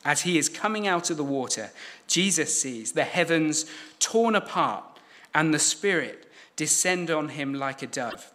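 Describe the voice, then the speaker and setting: A man delivers a sermon in a fairly high voice. He preaches in a measured, emphatic way and leans on repeated phrases to drive each point home. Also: lively intonation, pushed and bright.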